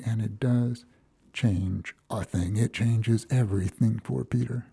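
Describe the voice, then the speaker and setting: A man's voice: mid-range voice, a little slow, creaky, warm tone, breathy edge, dry recording. A man from Minnesota preaching a reflective, storytelling sermon as a pastor, acting out the quoted lines.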